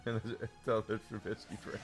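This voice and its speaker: A man's voice: fairly low pitch, level tone, normal speed. Rambling man streaming a game. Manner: rambling storyteller, lots of restarts, swearing it's true. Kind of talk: casual chat while gaming, talking to chat. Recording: faint game music underneath.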